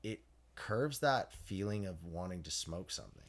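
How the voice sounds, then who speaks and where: A man co-hosting a podcast in casual chat, rambling and correcting himself as he goes, quick to laugh. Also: sits low, lively intonation, slight background noise. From Canada. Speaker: podcast co-host.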